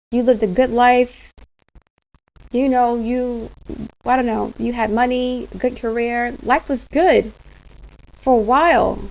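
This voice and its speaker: A woman giving a casual tarot reading straight to her viewers, animated and slangy, laughing often. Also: a little high, creaky, poor audio. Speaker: tarot reader.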